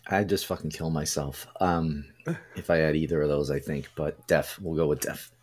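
A man co-hosting a casual podcast, deadpan and crude, answering bluntly. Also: rumbling low, normal speed. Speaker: podcast co-host.

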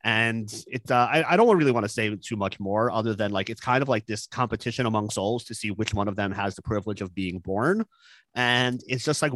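A man on a podcast recommending movies in casual chat, earnest and halting, with many fillers and restarts. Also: fairly low pitch, a bit bright, no echo.

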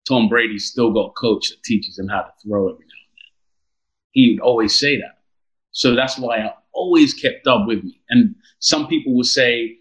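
A man from London, a podcast guest who tells lively stories and laughs often. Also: medium pitch, normal speed, low-quality recording. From London, England. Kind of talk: casual interview chat.

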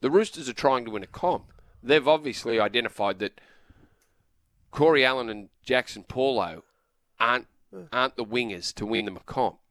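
A male sports radio co-host who calmly argues the other side of the debate in a studio. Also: medium pitch, normal speed, no room sound. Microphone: studio microphone.

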